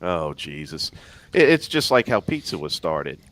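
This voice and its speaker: A man's voice: low voice, sing-song, measured pace, a bit bright. A man with a Louisiana accent telling rambling, self-deprecating stories in a casual live-stream chat. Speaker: guest.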